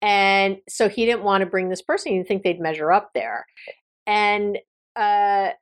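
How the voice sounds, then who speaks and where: A woman hosts a solo podcast and talks through a psychology topic as if chatting with a friend. She pauses on "um" and "you know", restarts her sentences and corrects herself, all at an ordinary middle pitch. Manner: conversational, self-correcting with fillers and restarts; explanatory, addresses listener directly. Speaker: podcast host and therapist.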